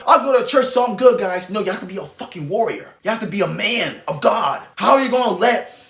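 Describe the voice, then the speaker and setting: A man delivers a heated, informal sermon, blunt and profane. His pitch swings widely as he presses each point, and the voice rings in a roomy, echoing space. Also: fairly bright tone. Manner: intense, blunt, swears freely. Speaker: online Christian preacher. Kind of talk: fiery informal sermon to camera.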